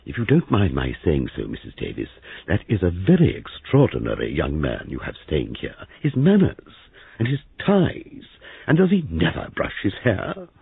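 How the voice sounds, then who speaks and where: A man voicing an imperious elderly woman guest, haughty and cutting, with slow emphatic words, heard in a phone-like, lo-fi reading. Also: sits low, wildly swooping pitch, creaky, husky, exaggerated voice.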